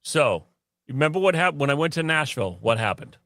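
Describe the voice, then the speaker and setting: A man co-hosting a casual podcast, telling stories in an animated way, laughing often and mimicking other people. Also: on the high side, a little fast, no room sound, clean studio sound. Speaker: podcast co-host. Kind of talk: casual chat.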